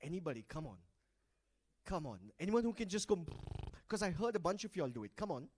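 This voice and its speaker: A man's voice: high voice, big pitch swings, brisk, darkish tone, slight background noise. A man hosting a live event on stage, playfully teasing and coaxing the audience into group activities over a handheld mic. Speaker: event host.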